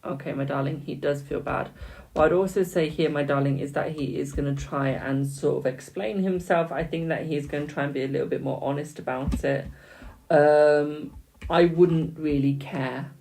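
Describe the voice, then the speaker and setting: A man's voice: on the high side, fairly even intonation, moderate pace, vocal fry, rough recording. A man in his twenties on a live stream reading tarot cards, chatty and teasing, calling every viewer "my darling". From United Kingdom. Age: 20s. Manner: chatty, calls viewers "my darling", laughs and teases. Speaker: tarot reader. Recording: loud keyboard clicks and typing.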